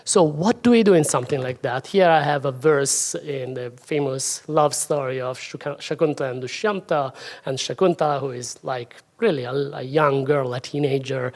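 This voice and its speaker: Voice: medium pitch, normal speed, a little mellow. Lecturer thinking aloud. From Italy. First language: Italian. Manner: thinking aloud, self-deprecating asides. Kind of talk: academic talk.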